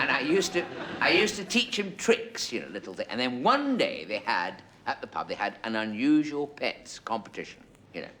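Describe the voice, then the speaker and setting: English comic rambling on stage, voice swoops all over, loud hiss under it. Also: male voice, medium pitch. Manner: digressive, self-interrupting, chuckling. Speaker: comedian. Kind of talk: rambling stand-up monologue. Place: studio with audience. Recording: loud background hiss, live audience laughter.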